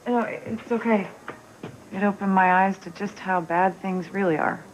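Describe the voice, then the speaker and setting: A woman's voice: mid-range voice, fairly even intonation, normal speed, close to an everyday voice. An actress playing a tired, guilt-ridden young woman who speaks in a weary, subdued way. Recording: slightly dull with faint noise.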